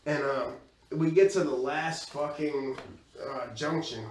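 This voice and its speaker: A man doing crude stand-up storytelling, profane and animated, laughing as he goes. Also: mid-range voice, unhurried, a little hiss or hum. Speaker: stand-up comedian. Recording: echoey room from far off with crowd.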